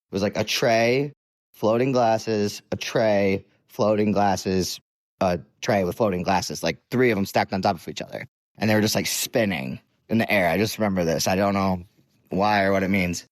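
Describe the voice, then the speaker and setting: A man's voice: fairly low pitch, no room sound. A young man telling his own story in a casual, rambling way, full of fillers and the odd curse. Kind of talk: casual spoken personal story.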